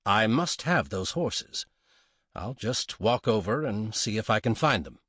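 An earnest greenhorn settler speaks in stiff, proper sentences, as a male narrator voices him. The delivery is slow and husky, recorded close and dry. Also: fairly low pitch, animated, fairly bright tone, no echo, heavily acted. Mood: stubborn.

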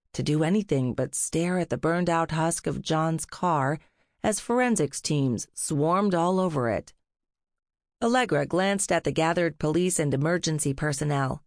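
A woman reads a fantasy audiobook aloud, measured and somber. Her voice sits fairly low, and the recording is dry and close with no room sound. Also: no echo. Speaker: audiobook narrator. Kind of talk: scripted narration.

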